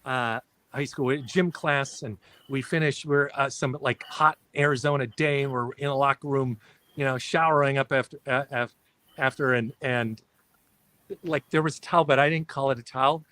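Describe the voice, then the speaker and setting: Bright-voiced man from Minnesota. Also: medium pitch, fairly even intonation, moderate pace, dry recording. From Minnesota, United States. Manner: curious, storytelling. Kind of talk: casual chat.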